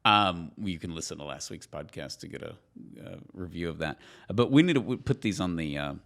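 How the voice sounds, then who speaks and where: Low-voiced joking podcast co-host man. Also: lively intonation, fairly quick, creaky, a bit bright. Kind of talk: casual podcast chat.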